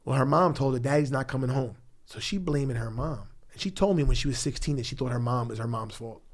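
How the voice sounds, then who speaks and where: A middle-aged man from Philadelphia talks candidly in a studio interview. His voice sits at an ordinary pitch, and he speaks bluntly and profanely. He swings from raised, heated outbursts to low, hushed reflection. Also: quick pace. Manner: blunt, profane, emotional; grows loud when angry, drops low and quiet when tender. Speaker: podcast guest. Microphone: studio mic.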